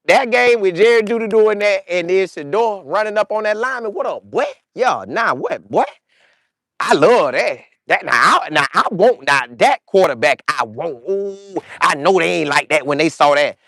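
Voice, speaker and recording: An excitable man hosts a loose sports talk show, his voice swinging high and low as he riffs in slang and acts out trash talk. He sits a little higher than most men in pitch. The sound is dry and close, with no room around it. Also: normal speed, dry recording. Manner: animated, slangy, mimics players in quoted voices. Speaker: show host. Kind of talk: casual commentary with live chat.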